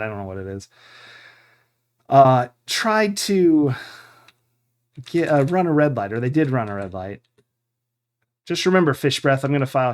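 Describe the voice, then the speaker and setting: Man rambling over a game playthrough. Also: mid-range voice. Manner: thinking aloud, rambling with fillers. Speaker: streamer. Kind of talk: live game playthrough commentary.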